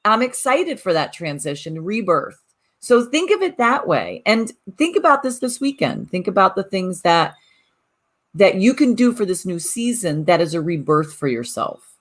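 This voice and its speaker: A woman co-hosting a talk podcast in an animated, casual chat, often restarting her sentences. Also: medium pitch, normal speed. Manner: animated, repeats words when restarting. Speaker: podcast co-host.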